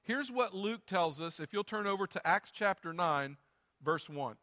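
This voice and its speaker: Bright-voiced pastor preaching in a sanctuary. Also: male voice, high voice, expressive, normal speed, long reverb tail. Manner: conversational, joking asides, reads scripture aloud. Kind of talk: sermon. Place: church sanctuary.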